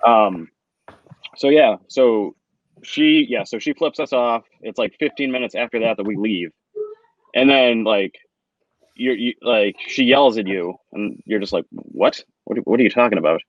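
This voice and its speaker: A man's voice: on the low side, measured pace, dull audio. A man co-hosting a podcast, filling in a shared story with hesitant corrections and fillers. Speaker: podcast co-host. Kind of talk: casual storytelling chat.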